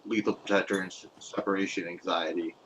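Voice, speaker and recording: A man telling a story with swearing and animated quoted voices in a casual podcast chat. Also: deep voice, brisk, slight background noise, rough recording. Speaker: podcast guest.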